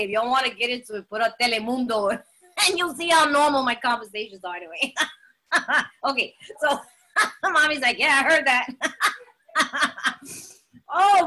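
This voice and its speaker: A woman with a high, bright voice tells her personal story in an animated and dramatic way, stressing her words and laughing often. She speaks straight to her listeners, as at a recovery meeting. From Latin American heritage. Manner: laughs often while talking. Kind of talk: personal testimony talk.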